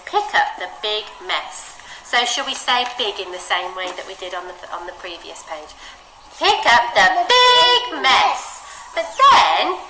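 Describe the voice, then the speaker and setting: English woman teacher, expressive, encouraging, lively pitch, echoey room with noise. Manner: expressive, encouraging, models phrases with big vocal expression. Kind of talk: one-to-one reading lesson with a child.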